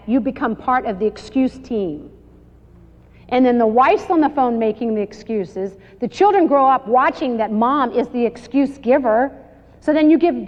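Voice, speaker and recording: Animated woman teaching in an echoey hall. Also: a little high. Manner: animated, laughing, acts out little quoted exchanges. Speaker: Bible study speaker. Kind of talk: lively Bible study talk to women. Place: large hall with audience. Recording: muffled 1990s video recording in a reverberant hall.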